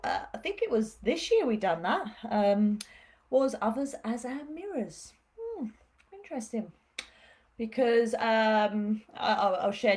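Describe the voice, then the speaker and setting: A woman spiritual healer leading a live-streamed guided healing session, speaking in soothing, repetitive phrases with chatty asides. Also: a little high.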